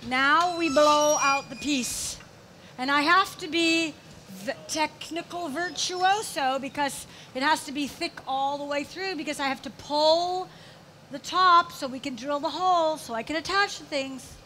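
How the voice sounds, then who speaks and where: A woman's voice: high-pitched, a little slow, bright, forceful tone. A middle-aged woman from Canada giving a chatty, playful live glassblowing demonstration, narrating each step with sing-song counting. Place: glassblowing studio. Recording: noisy hot shop.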